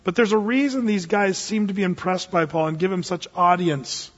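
A man's voice: high voice, steady tone, normal speed. A man preaching an expository sermon as a pastor, in a conversational, folksy style with dramatic Bible readings. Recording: dull lo-fi recording with long reverb.

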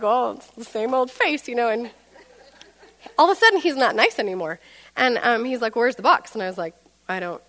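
A woman giving a sermon through a personal story, animated and acting out the dialogue she quotes. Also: on the high side. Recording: long hall reverb.

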